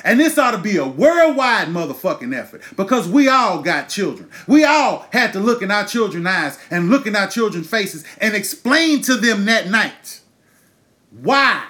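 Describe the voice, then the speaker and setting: A man's voice: sits high, very animated, normal speed, bright, forceful tone. A man in his thirties hosting his own show, ranting with angry, profane emphasis and pointed rhetorical questions. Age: 30s. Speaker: podcast host. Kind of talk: impassioned monologue.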